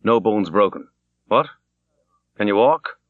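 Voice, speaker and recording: A man voicing a tall, brisk gentleman who greets a friend heartily and takes charge with easy assurance. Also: lowish voice, animated, no echo, narrow, tinny audio. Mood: hearty.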